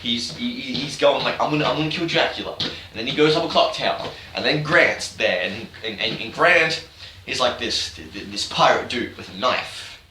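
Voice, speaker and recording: A man's voice: mid-range voice, lively intonation, normal speed, sharp tone, recorded from a distance. A man retelling a video game story as a joke, talking in a rambling, irreverent, offhand way. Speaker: YouTuber. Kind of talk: comedic game-story recap. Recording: roomy, off-mic, faint hiss.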